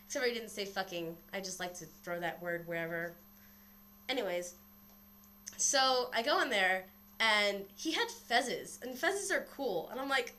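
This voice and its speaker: A woman's voice: a little high, moderate pace. A young woman vlogging casually on her webcam, a little out of breath, rambling and swearing freely as she tells a story. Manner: rambling, animated, swears a lot. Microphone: built-in webcam mic.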